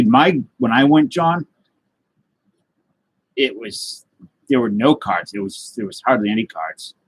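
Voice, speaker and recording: A man's voice: medium pitch, slightly rough, rough recording. A man hosting a casual live stream, rambling loosely and greeting viewers by name as he reads their comments. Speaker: livestream host.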